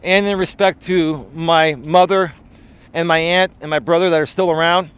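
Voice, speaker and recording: A man's voice: a little high, steady tone, normal speed, a bit bright, clear, resonant tone. A middle-aged man hosting a live coaching stream, chatting casually and telling rambling, profane stories. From Greek-American community. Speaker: life coach, live show host.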